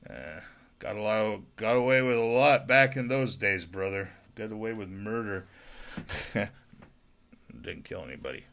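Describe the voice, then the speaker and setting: A man's voice: fairly low pitch, expressive, measured pace, vocal fry, a bit bright. A man, drunk, telling rambling profane stories as a podcast host, from Alberta in Canada. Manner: rambling, profane, laughing asides.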